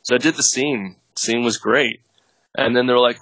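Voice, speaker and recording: A man's voice: medium pitch, steady tone, normal speed, fairly bright tone, dry recording, poor audio. A man in his thirties telling casual stories as a podcast guest, rambling with many fillers and frequent laughs. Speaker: podcast guest, actor and producer. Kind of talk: casual storytelling chat.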